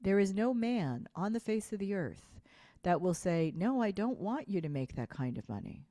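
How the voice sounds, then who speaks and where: A woman's voice: mid-range voice, sing-song, moderate pace, dark tone, no echo. A woman hosting a live online sales coaching session, speaking emphatically, repeating slogans and asking viewers to respond in chat. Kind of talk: live-streamed coaching talk.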